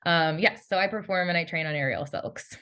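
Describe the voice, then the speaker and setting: A woman's voice: on the low side, brisk, clean tone. Thoughtful woman guest, casual podcast chat. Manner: thoughtful, with frequent ums and soft laughs. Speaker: guest, brand storyteller and creative director.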